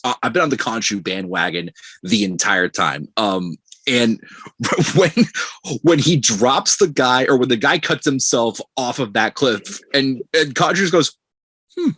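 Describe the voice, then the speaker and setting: A man's voice: medium pitch, animated, unhurried, fairly bright tone, slightly rough, no room sound. A man chatting enthusiastically about a TV episode on a podcast roundtable. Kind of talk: casual roundtable chat.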